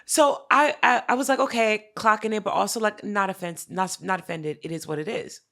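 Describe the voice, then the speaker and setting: Gravelly bright woman podcaster, super animated, swearing while she tells a story. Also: mid-range voice, brisk. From Haitian family. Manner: animated, swears a lot, acts out quotes. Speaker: podcast co-host. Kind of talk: casual storytelling chat.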